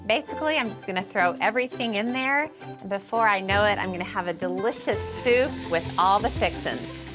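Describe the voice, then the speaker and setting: Brisk and medium-pitched, a woman hosts a laid-back cooking demonstration in her home kitchen. She chats playfully with the crew against background music and a sizzling pan.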